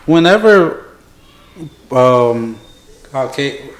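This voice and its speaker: A man's voice: medium pitch, very slow. A man hosting a podcast, talking casually with plenty of fillers. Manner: relaxed, filler-heavy. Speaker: podcast host. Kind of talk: casual chat.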